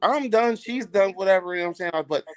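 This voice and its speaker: Animated male storyteller, loose and profane, very expressive pitch, dry mic. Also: fast talker, clean tone, dry recording. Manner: animated, profane, laughs while telling. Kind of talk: casual podcast storytelling.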